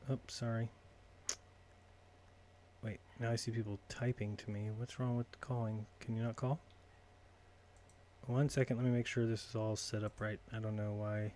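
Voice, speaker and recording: A man hosts a live call-in stream at a middling pitch, chatting loosely and trailing off into mutters as he fiddles with his settings. His talk is casual and unpolished. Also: darkish tone. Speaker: livestream host taking calls.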